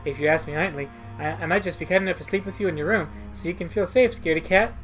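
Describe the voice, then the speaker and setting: A man's voice: high voice, fast, a bit bright, faint music behind, poor audio. A man voicing a bratty, easily scared teenage girl assistant in a game, stammering and taunting.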